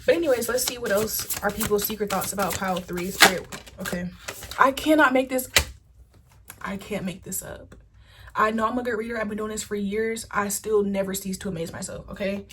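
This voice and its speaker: A woman giving a casual pick-a-card tarot reading, chatty and animated, swearing freely. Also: mid-range voice, a little fast, a little hiss or hum. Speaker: tarot reader.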